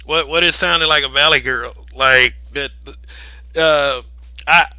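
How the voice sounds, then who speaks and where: Bright-voiced man talking frankly. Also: a little high, moderate pace, no room sound, rough recording. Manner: emphatic, many restarts, laughs between points. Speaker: podcast co-host. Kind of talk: casual discussion.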